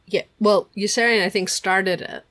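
A woman's voice: medium pitch, steady tone, normal speed, fairly bright tone. A woman co-host casually talking over a chapter of a novel. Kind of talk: casual book discussion.

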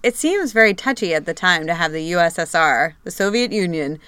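A woman's voice: fairly low pitch, lively intonation, fairly quick, fairly bright tone, clear, resonant tone. A woman co-hosting a podcast, chatting casually, laughing often and asking questions. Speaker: podcast co-host. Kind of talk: casual chat.

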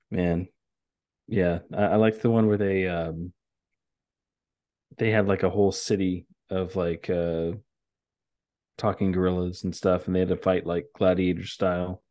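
A man co-hosting a podcast, talking in a laid-back, halting way with lots of fillers. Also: sits low, little pitch movement, mellow. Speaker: podcast co-host. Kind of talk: casual chat.

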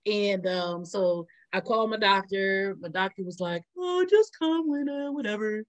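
Animated woman telling a lively story. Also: mid-range voice, a little slow. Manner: animated, laughs often, acts out quotes. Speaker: co-host. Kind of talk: casual chat, storytelling.

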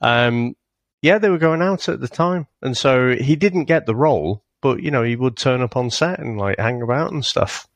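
This co-host has a mid-range, animated voice and talks at a moderate pace on a casual film-review podcast, rambling, cursing and laughing a lot. The recording is dry.

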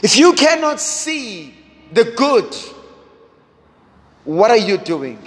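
Man, preacher, high voice, long reverb, dramatic rhetorical questions. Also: sing-song. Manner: slow, dramatic delivery with repeated rhetorical questions. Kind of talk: sermon.

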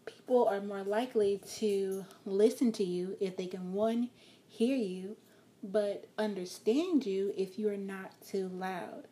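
A woman with a mellow, warm tone teaching a lesson on vocal delivery. She speaks in a calm, reassuring way and plays with her volume and pace to demonstrate her points. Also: mid-range voice, measured pace. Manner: calm, encouraging, shifts loudness and pace to demonstrate. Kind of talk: instructional talk.

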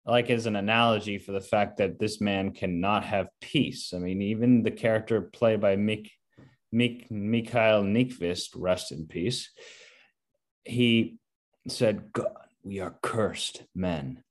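A man in casual film discussion, animated and acting out quotes from scenes. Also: fairly low pitch, measured pace. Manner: animated, acts out movie quotes. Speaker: co-host discussing films.

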